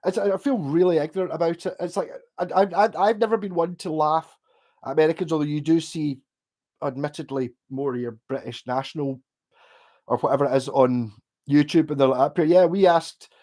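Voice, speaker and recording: A man from Scotland with a softened Glaswegian accent, chatting casually on a livestream and answering viewer comments. He rambles, restarts his sentences, swears freely and laughs between thoughts. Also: on the high side, fairly even intonation, fairly quick. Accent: Glaswegian Scottish, softened.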